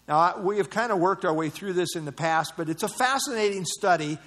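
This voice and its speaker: Guy teaching bible class, fairly high voice, chatty, lots of uhs and restarts. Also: brisk, fairly bright tone. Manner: conversational, explanatory, with fillers and restarts.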